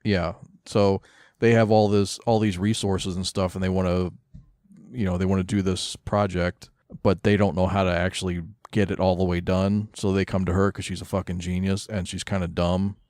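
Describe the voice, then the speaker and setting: Low-voiced, cynical man talking comics. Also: level tone, normal speed, a little mellow, no room sound, studio quality. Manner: cynical, blunt, profane. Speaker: podcast co-host. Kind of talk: casual comic-book review chat.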